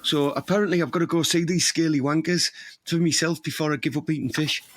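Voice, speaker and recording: High-voiced man, crude banter. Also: steady tone, fast, slight background noise. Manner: blunt, laddish, rambling. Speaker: podcast co-host.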